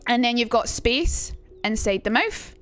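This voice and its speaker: High-voiced woman streaming. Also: expressive, unhurried, fairly bright tone, soft background music. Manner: chatty and self-mocking, swears freely. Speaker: streamer teaching accents. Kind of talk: casual livestream chat.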